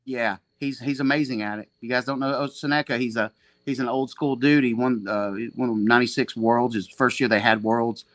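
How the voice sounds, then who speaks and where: A man's voice: medium pitch, steady tone, normal speed, no echo. A man in his forties, a jiu-jitsu gym owner guesting on a podcast, telling stories in a profane, rambling, self-mocking way. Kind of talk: casual storytelling.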